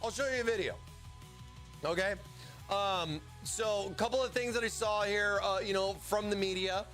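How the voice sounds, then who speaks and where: A man's voice: high-pitched, normal speed, a bit bright, faint music behind. A man hosting a casual product livestream, rambling and often stammering and repeating words. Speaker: livestream host.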